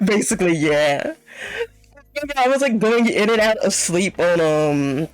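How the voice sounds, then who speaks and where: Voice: mid-range voice, animated, measured pace, smooth, no echo, rough recording. A young adult VTuber chatting casually on stream in a rambling, filler-heavy way, often breaking into giggles.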